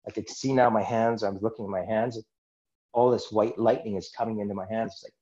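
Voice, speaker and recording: Man, low voice, earnest rambling storyteller, podcast guest, dull lo-fi sound. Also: fairly even intonation, brisk, mellow. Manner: earnest, rambling, many "it's like" asides. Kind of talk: personal storytelling in a casual interview.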